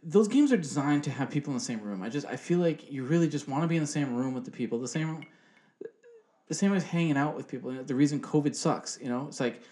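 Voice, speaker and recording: A man's voice: on the high side, animated, fast, warm tone. Rambling, profane man in his thirties. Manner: rambling, swears casually. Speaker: podcast co-host. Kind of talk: casual chat.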